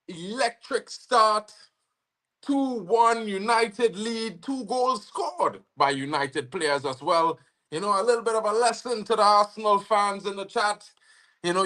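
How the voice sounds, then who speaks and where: Excitable Trinidadian man calling a match. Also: high voice. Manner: excitable, slangy, bursts into shouting at goals. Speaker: football fan livestream host. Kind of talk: live match watch-along commentary.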